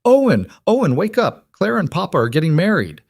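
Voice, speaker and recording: A man voicing an excited, smug young girl who fires off eager questions in a storybook western. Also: mid-range voice, normal speed, dry recording, clean studio sound. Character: girl, teen, excited and chatty, a little smug.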